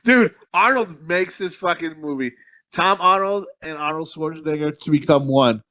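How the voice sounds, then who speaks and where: A man's voice: on the high side, normal speed, bright, forceful tone. A man co-hosting a movie review podcast, joking crudely with lots of swearing and frequent laughter. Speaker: podcast co-host. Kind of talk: casual movie review chat.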